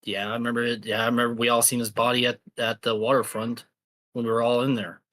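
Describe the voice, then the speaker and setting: A man playing a tabletop role-playing game, calmly denying things in character. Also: medium pitch, fast. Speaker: player.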